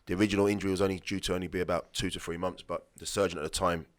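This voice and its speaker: Deep, level and rapid-fire, this man's voice belongs to a former footballer in his late thirties appearing as a podcast guest. He spins rambling anecdotes in a casual conversational way, restarting often and acting out the dialogue he quotes.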